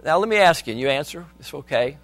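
In a recording with no echo, a man preaches fast in a slightly high, animated voice. He reads scripture, questions the congregation, and swings between quiet and loud passages.

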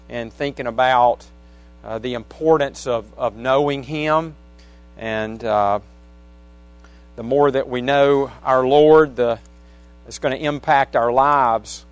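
A man's voice: mid-range voice, no room sound. A man preaching a midweek church service, mixing folksy asides to the congregation with scripture reading. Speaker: pastor. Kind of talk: sermon. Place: church sanctuary. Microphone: wireless handheld microphone.

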